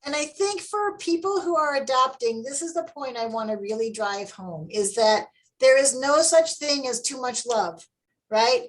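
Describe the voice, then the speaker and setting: A woman interviewing an author in a conversational webinar, enthusiastic and lively. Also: high voice, normal speed, rough recording. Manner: enthusiastic, animated when quoting herself. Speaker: interviewer, adoptive parent.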